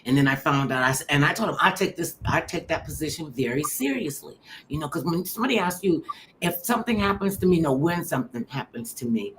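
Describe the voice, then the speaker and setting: A middle-aged woman spins funny stories in an animated, playful way, slipping into other voices as she goes. Her voice sits a bit low for a woman, and a faint hiss of room sound is underneath. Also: quick pace. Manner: animated, laughing storyteller who acts out quotes. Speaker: show host. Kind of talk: storytelling chat.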